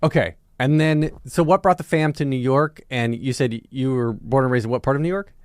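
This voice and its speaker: A man in his forties hosting a podcast interview, playful and quick to joke. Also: mid-range voice, clean tone, no room sound, clean studio sound. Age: 40s. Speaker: podcast host.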